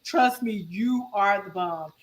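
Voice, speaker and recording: A woman's voice: medium pitch, slow pace, rough recording. An emphatic, self-assured woman talks as co-host in casual chat. She laughs often and speaks with firm conviction.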